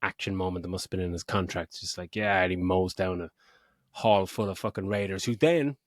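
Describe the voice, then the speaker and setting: A middle-aged man with a fairly low voice talks through a movie's plot in loose, profane podcast chat. He rambles from scene to scene. The sound is dry and close, with no room around it. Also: brisk, no room sound. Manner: sweary, rambling retelling with mock voices. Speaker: podcast host. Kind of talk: casual film review chat.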